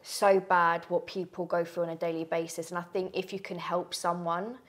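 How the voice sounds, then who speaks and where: A woman's voice: fairly low pitch, level tone, moderate pace. A woman with a London accent co-hosting a podcast, chatty and reflective in talk. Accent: London English. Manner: chatty, reflective, says "literally" often. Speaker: podcast co-host, aesthetics trainer. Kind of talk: casual chat.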